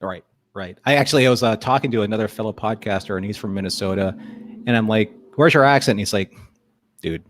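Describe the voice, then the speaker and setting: A man's voice: on the low side, fast talker, no room sound. A man co-hosting a podcast, joking around and laughing often in casual chat. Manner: jokey, animated, laughs often. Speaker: podcast co-host.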